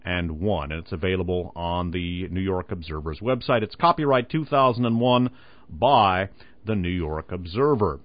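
A male radio host reading a newspaper article aloud with his own commentary in a measured, emphatic way. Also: lowish voice, no echo. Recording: dull lo-fi radio broadcast.

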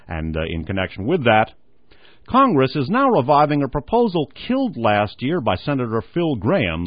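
A man's voice: medium pitch, no echo. A man hosting a radio program, reading newspaper articles aloud and commenting on them. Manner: reads quotes then comments, says "skipping down". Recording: dull lo-fi radio recording.

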